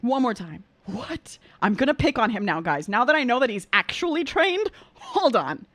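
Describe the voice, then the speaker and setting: Young woman, opera coach type, reaction-video commentary; excitable, exclaims a lot, lively high voice, dry close sound. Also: moderate pace, a little hiss or hum. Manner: excitable, exclaiming, breaks down vocal technique. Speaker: opera singer and vocal coach reacting to a performance.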